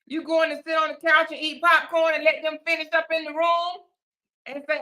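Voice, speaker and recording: A woman hosting a casual chat, reading viewer comments aloud and reacting in a lively, teasing way with frequent laughter. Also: sits high, fairly quick. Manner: animated, teasing, laughs often, playful asides.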